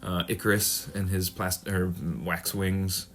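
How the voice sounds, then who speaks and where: A male podcast host with a very low, deep voice. He talks casually and rambles, loses his thread, restarts, and drops a swear word now and then. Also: level tone, measured pace, fairly bright tone, a little hiss or hum. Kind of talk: casual chat.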